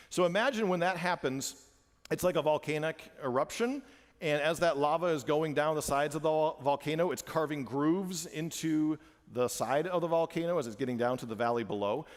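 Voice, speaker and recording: Dad giving a talk at church, animated, repeats stuff for emphasis, kinda high voice, echoey hall. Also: male voice. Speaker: presenter, father. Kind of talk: church presentation to parents.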